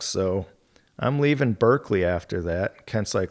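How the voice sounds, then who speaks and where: A man speaking as a podcast guest, telling stories in a relaxed, candid way. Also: on the low side, moderate pace. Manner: relaxed and candid, with mild swearing and laughs. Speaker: guest, golf equipment territory manager. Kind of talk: casual storytelling.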